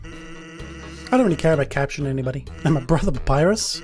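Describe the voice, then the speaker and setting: A woman voicing a lazy, laid-back skeleton in a deep, relaxed voice. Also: a little fast, soft background music, natural voice.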